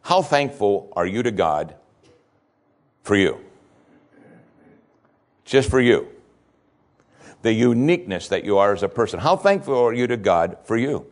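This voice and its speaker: A man pastor preaching a sermon, reading verses slowly with emphasis and asking rhetorical questions. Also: on the low side, very animated.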